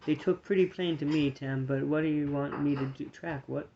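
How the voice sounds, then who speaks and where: A man's voice: fairly high pitch, fairly even intonation, moderate pace, creaky, dark tone, dull audio, slight background noise. A man voicing a jolly, lanky young male hare with a plummy, upper-crust manner, reading a storybook aloud. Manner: plummy, ends with "what".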